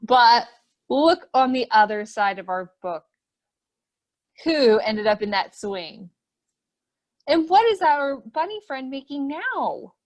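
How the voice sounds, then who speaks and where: Animated woman reading to preschoolers. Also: high voice, slow pace, pauses often. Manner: animated, full of questions and gasps for children. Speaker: children's program host. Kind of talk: reading a picture book aloud to preschoolers. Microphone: webinar computer mic.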